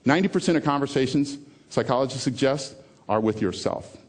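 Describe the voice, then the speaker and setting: A man giving a motivational talk on stage, emphatic, repeating key phrases and swinging between loud lines and hushed ones. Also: medium pitch, a little fast. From American South. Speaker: motivational speaker. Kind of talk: TEDx keynote talk.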